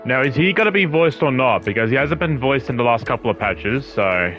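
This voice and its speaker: A man's voice: medium pitch, animated, brisk. A male streamer giving casual gameplay commentary, swearing and muttering to himself as he plays. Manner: swears and mutters while playing. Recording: lo-fi stream audio over game music.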